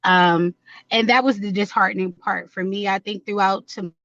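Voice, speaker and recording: A woman's voice: medium pitch, steady tone, moderate pace, a bit bright, no echo, lo-fi sound. A woman in a video call book club, thinking aloud with lots of ums and restarts. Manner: thoughtful, hesitant, many ums and restarts. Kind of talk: casual discussion.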